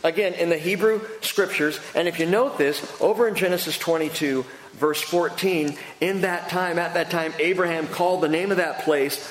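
A man preaching a sermon, telling the story with animated delivery and acting out voices. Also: a little high, moderate pace, few pauses, a little hiss or hum. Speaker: pastor. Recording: echoey hall reverb.

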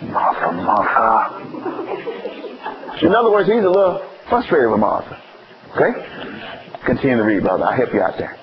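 A man with a Southern US accent preaching a playful, animated sermon with call-and-response. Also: medium pitch, fast, lo-fi sound, background noise.

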